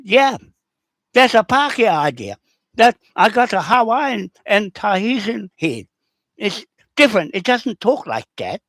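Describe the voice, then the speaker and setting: A man, talking rough and combative on a livestream, rambling and repeating himself as he answers comments. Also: high voice, animated, unhurried, fairly bright tone, no room sound.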